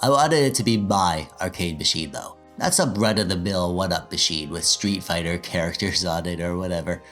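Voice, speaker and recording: A man's voice: deep voice, normal speed, faint music behind. Nasal, self-mocking man in his thirties. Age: 30s. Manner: sarcastic, self-deprecating and excitable. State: stuffy, getting over an illness. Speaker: DIY tech vlogger. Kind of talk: casual self-mocking vlog talk.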